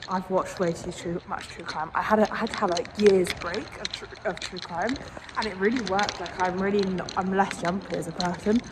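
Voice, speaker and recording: A woman's voice: medium pitch, steady tone, brisk. A young woman vlogging from her car, rambling chattily and swearing casually. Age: young adult. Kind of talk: casual vlog chat. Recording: noisy car interior. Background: car and road noise.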